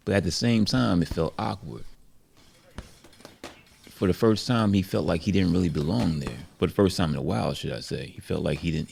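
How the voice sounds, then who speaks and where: A man narrates a story in a relaxed, reflective, conversational way. His voice is very low and heavily gravelly, with a dark, mellow tone. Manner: relaxed, reflective, many "you know" fillers.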